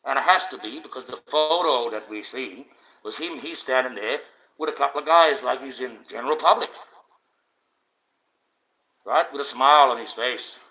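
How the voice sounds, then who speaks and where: A bright-toned Australian man rants on his livestream, blunt and profane, his voice pushed forward with a sharp edge. The stream audio is dull and lo-fi, as if heard through a cheap home microphone. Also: medium pitch, normal speed, long pauses. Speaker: livestream host. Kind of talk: ranting livestream monologue.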